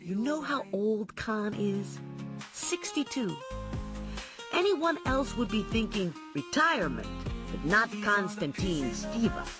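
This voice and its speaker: A woman's voice: mid-range voice, big pitch swings, slow, music in the background. Woman voicing a foul-mouthed sleazy man. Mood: sneering. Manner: agitated, swearing, ranting.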